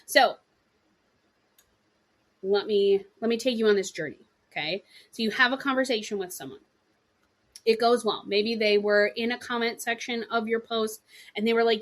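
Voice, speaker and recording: A woman's voice: a little high, normal speed. A woman in her thirties hosting a solo podcast, talking listeners through business advice and acting out small quoted dialogues. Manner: animated, acts out little quoted dialogues; frequent throat clearing, "right?" and "okay" asides. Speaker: podcast host. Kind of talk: solo podcast coaching talk.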